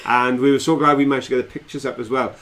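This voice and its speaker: A man's voice: mid-range voice, level tone, rapid-fire, fairly bright tone. A man co-hosting a casual live stream, rambling and chatty, laughing often as he talks. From England.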